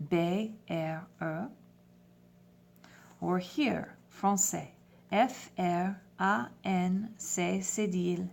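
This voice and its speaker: Woman, somewhat low voice, teacher, clear step-by-step lesson. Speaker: French teacher. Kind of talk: classroom lesson.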